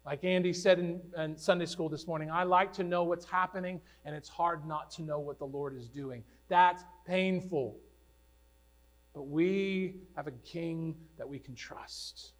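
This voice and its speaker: A man preaching a sermon with a slightly higher-than-usual voice. He speaks earnestly, pressing his questions on the congregation and swelling loud when quoting commands. A faint mains hum sits under the recording. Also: unhurried. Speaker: pastor.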